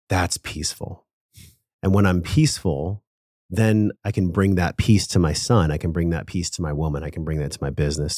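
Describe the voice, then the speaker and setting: A man with a low, deep voice speaks as a podcast guest, sharing a personal story with earnest emotion and loose, casual language. The sound is dry and close, as if right on a studio mic with no room around it. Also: darkish tone, dry recording.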